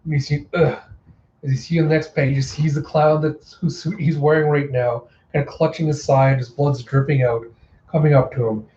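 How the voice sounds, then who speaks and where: A man's voice: fairly high pitch, normal speed, slight background noise. Chatty man in a roomy room. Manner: chatty, animated, self-interrupting. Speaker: host. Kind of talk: casual comic readthrough narration. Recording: roomy, slightly dull home recording.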